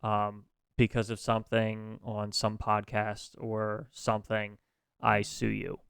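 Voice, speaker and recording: Man, podcast co-host, hesitant casual talk, curses, smooth clear voice. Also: lowish voice, completely flat delivery, takes it slowly, a bit bright, dry recording, clean studio sound. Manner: hesitant, lots of ums and restarts, swears freely. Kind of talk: casual chat.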